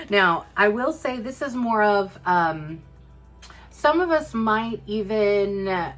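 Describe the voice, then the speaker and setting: A woman's voice: medium pitch, animated, takes it slowly, soft background music. A woman giving a bubbly, chatty product review, talking straight to her viewers with playful asides. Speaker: vlogger reviewing home fragrance.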